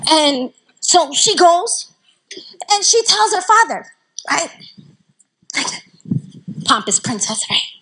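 A woman with a Southern American accent giving a storytelling talk to a live audience, animated and conversational, drawing the listeners in. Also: very high voice, slow, long pauses, poor audio. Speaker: Islamic lecturer. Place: community center talk.

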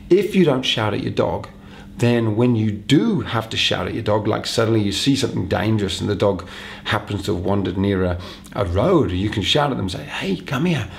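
A man's voice: on the low side, gravelly. A man who trains dogs, giving chatty, upbeat advice straight to the camera and repeating his main points. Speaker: dog trainer. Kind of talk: direct-to-camera advice video.

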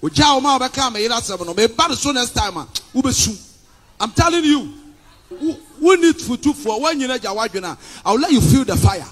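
Fiery Ghanaian preacher, high voice. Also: male voice, animated, fairly quick. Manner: shouting, preaching in Twi and English, defiant. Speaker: pastor. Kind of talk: fiery sermon.

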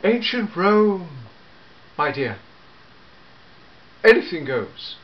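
A tetchy, grandfatherly old time-travelling gentleman, played by a man, in a fan audio drama. His voice sits high and swoops about, and he talks slowly and fussily, scattering hmms and eh?s. The recording is a little dull and lo-fi. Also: very animated, heavily acted. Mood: fussy, chatty. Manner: fussy, hesitant, peppered with hmms and eh?s.

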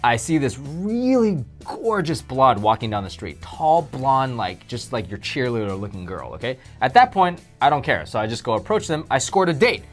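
A man co-hosting a casual chat show, animated and joking, his voice jumping up when excited. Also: mid-range voice, normal speed, hardly any pauses, soft background music. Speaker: co-host.

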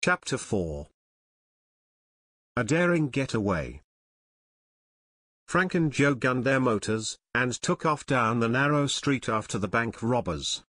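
A man reading a novel aloud as an audiobook narrator, steady and measured. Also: mid-range voice, no room sound, clean studio sound. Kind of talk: scripted narration.

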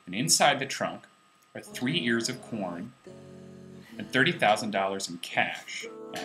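A young man telling long jokes to his laptop camera, animated, acting out the characters' lines. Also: on the low side, rough recording. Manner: animated storyteller, voices the characters. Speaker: comedy show host telling jokes. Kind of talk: joke telling. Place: small room, webcam. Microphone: built-in laptop camera mic.

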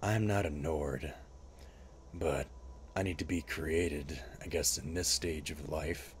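Gruff, wry lizard-folk adventurer, put on by a man for in-character game commentary, deep and dry, faint hiss behind. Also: slow. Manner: dry sarcastic asides. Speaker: streamer.

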